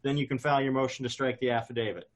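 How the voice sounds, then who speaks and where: A man's voice: medium pitch, fairly even intonation, racing. A man who is a lawyer, talking casually on a webinar and nitpicking the wording of a legal text. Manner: nitpicking, explanatory.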